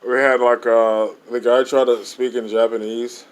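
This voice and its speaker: A man's voice: mid-range voice, level tone, normal speed. A man co-hosting a podcast in casual banter, joshing and laughing often. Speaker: podcast co-host.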